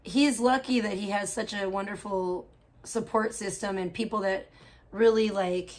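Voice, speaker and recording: Steady in tone, mid-range and moderately paced, a woman livestreams casually from her home room, where cats are around. She chats in a rambling way, often using fillers and starting over.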